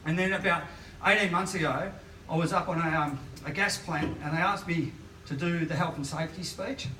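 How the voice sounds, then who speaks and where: A man's voice: a little high, a little fast, pushed and bright. Man, late forties, stand-up, self-mocking, laughs through lines, far from the mic, noisy room. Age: late 40s. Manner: self-deprecating, often laughing mid-line. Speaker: stand-up comedian. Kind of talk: stand-up comedy set. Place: small live comedy venue. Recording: echoey, distant, noisy room recording.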